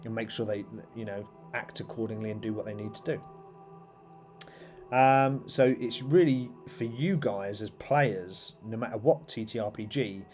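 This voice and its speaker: A man's voice: medium pitch, darkish tone. A man hosting a live stream, chatting casually about tabletop roleplaying with lots of fillers and restarts. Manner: rambling, many fillers and restarts. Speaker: host.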